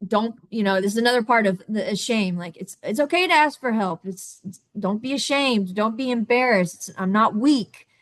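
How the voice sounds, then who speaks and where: A woman in her thirties speaking on a video call, telling her own story in a halting way with many restarts and repeated words. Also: a little high, animated, no echo. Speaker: summit guest speaker. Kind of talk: candid personal storytelling.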